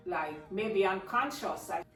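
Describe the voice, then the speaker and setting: A woman's voice: mid-range voice, slow pace, fairly bright tone. A woman from Jamaica, telling a personal story to her viewers in a casual, emotional way and calling them guys. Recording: echoey room, mic at a distance, faint music.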